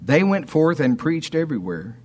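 A man preaching a fervent sermon, reading scripture aloud and slowing down to stress key words. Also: on the high side, sing-song, a little mellow.

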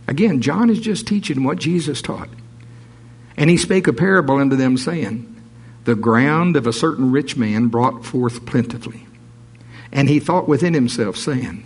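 Husky man preaching a sermon. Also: medium pitch. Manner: animated, reads scripture aloud with jokes and asides.

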